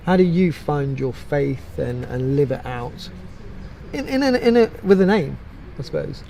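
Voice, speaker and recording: Upbeat vicar hosting an interview. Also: male voice, fairly high pitch, lively intonation, unhurried, creaky, dark tone, slight background noise. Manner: upbeat, questions trail into restarts. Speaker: vicar and show host.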